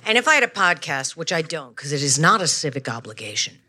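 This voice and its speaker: Speaking quickly in a deep, very animated voice, an older comedian guest works a live crowd on a handheld wireless mic. Her stand-up wanders off on tangents and is full of apologies and digs at herself, all over a noisy background.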